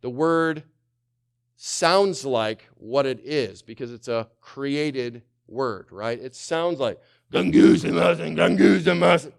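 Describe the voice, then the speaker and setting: A male pastor preaching a sermon, swinging from loud to hushed, firing rhetorical questions and calling on the congregation to answer. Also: mid-range voice, expressive, slow, clean tone. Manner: asks many rhetorical questions.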